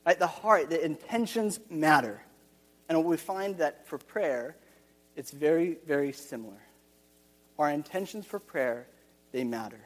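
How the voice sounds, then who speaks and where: A man's voice: a little high, lively intonation, unhurried, in a large hall. A man preaching a sermon, earnest and repeating his key phrases, with frequent restarts.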